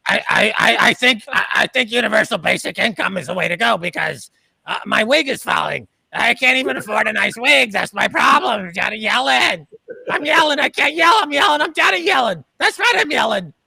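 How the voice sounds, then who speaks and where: A man doing a rambling, flustered impression of an older woman treasury official who keeps breaking into yelling. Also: high voice, creaky, breathy edge, no echo, heavily acted.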